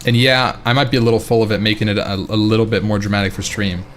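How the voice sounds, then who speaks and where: A man streaming a game late at night, telling a story in a casual, animated, profane ranting way and laughing along. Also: on the low side, quick pace, a little hiss or hum.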